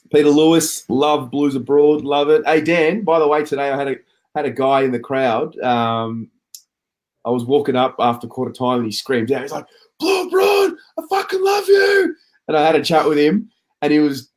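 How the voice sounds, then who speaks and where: Man, casual footy talk host, reads viewer comments, mid pitch. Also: darkish tone. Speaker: podcast host reading comments.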